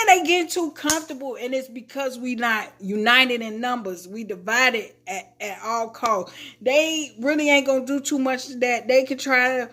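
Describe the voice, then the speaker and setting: Animated woman telling a story. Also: fairly high pitch, moderate pace. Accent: Chicago. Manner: animated, acts out quotes, laughs often. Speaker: live streamer. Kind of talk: casual storytelling to stream viewers.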